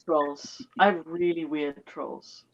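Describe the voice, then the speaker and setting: A woman's voice: low voice, fairly even intonation, takes it slowly. London-accented woman on a lo-fi call. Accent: London English. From England. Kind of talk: casual chat on a live stream.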